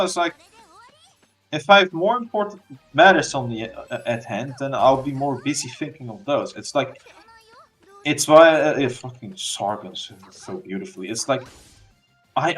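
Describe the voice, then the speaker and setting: A man's voice: on the high side, animated, normal speed, soft background music. A man co-hosting a livestream in casual chat, blunt and swearing casually. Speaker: stream co-host.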